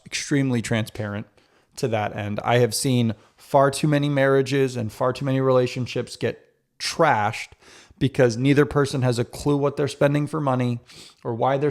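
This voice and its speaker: A married man hosts a casual solo podcast, speaking candidly and self-critically straight to the men listening. His voice is medium-pitched, gravelly, and a little mellow.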